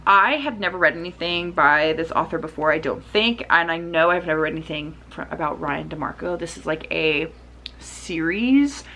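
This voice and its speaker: A woman's voice: low-pitched, lively intonation, normal speed, bright, forceful tone, slight background noise. A woman chatting casually as she reviews books to her camera, rambling with lots of "like" and "um". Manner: chatty, rambling, many "like" and "um" fillers. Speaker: book reviewer. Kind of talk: casual book review chat. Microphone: camera mic.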